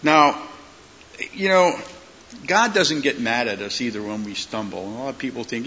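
A middle-aged male pastor preaching with a bright, forceful voice and acting out the people in his stories. The sound is dull and lo-fi, with a faint hiss. A long reverb hangs in the sanctuary. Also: mid-range voice, moderate pace. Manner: animated storyteller, acts out voices in his stories. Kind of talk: sermon.

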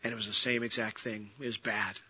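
A male pastor preaching a sermon, telling a personal story with animated, emphatic delivery and wry humor. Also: on the low side, fairly quick, slightly rough. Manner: animated preaching, building to loud passionate peaks. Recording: dull lo-fi sound.

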